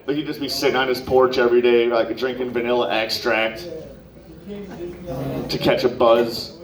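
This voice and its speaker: A young man doing open-mic stand-up, rambling through a profane story with lots of asides. His voice sits at an ordinary pitch for a man. The recording is roomy and echoey, caught from some distance off the mic. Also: measured pace, a crowd in the background. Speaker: stand-up comedian. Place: comedy club open mic.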